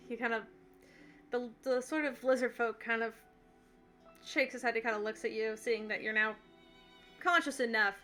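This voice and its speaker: A woman with a fairly high, very bright voice runs a tabletop game, describing scenes in a relaxed, rambling way. Her narration wanders with plenty of fillers, and faint music plays underneath. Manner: casual, loose narration full of "like" and "kind of". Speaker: game master.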